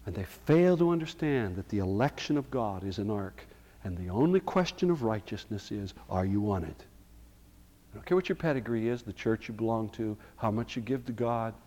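A middle-aged male pastor preaching a sermon to his congregation, going from hushed and slow to loud and emphatic. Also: lowish voice, expressive. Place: church sanctuary. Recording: reverberant church hall.

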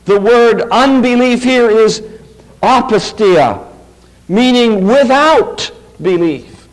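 Emphatic high-voiced male preacher. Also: lively intonation, rough recording. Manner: emphatic, slows down on quoted scripture. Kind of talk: expository sermon lecture.

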